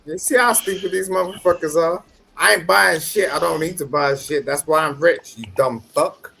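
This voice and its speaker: A man arguing on a livestream, boastful and profane, often shouting insults at another caller. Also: a little high, normal speed, gravelly, slight background noise, poor audio. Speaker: livestream guest. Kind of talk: heated livestream argument.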